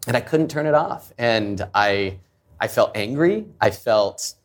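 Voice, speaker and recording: A man's voice: lowish voice, expressive, unhurried. Earnest man telling a candid story. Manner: earnest, confessional, acts out quoted voices. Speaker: founder and CEO, guest.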